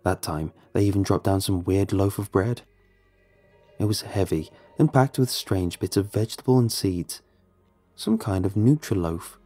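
A man reads a first-person horror story in a low, dark, husky voice. His pitch moves a lot as he leans into the hushed, dramatic moments. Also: normal speed, no room sound, soft background music. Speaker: narrator.

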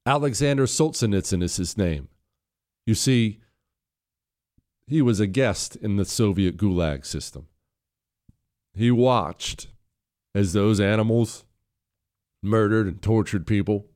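Combative talk-radio man, lower voice. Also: slow, long pauses. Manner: combative, sarcastic, building to loud emphatic outbursts. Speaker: radio show host. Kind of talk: political talk radio monologue. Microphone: studio microphone.

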